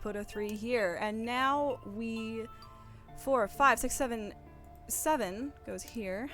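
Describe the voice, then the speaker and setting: A woman co-hosting a game stream, talking through a puzzle with excitable, profane commentary. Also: fairly high pitch. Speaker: streamer and co-host.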